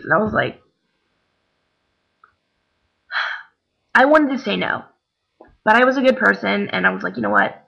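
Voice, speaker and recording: A woman's voice: mid-range voice, big pitch swings, moderate pace, creaky, bright, forceful tone, slightly rough, poor audio. A young woman casually telling a story to the camera, chatty, with many fillers, acting out what others said. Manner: chatty, many fillers, acts out quoted voices.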